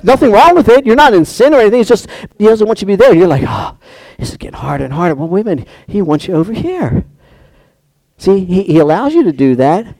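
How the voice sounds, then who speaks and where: High-voiced male preacher, dry sound. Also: a little mellow, dry recording. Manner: conversational preaching, acts out prayers and dialogue. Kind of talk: sermon.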